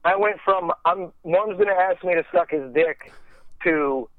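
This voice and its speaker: A man telling a long story in a loose, rambling way, swearing often and laughing at himself. His voice sits a touch high. The sound is dry and tinny, like a phone call. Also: unhurried, dry recording. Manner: rambling, profane, self-deprecating, heavy use of "like". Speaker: podcast guest storyteller. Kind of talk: casual storytelling.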